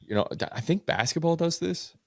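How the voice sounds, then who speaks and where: A man's voice: on the high side, lively intonation, brisk, a little mellow, dry recording, clean studio sound. A man co-hosting a casual podcast, talking loosely and hedging, admitting what he does not know. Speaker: podcast co-host.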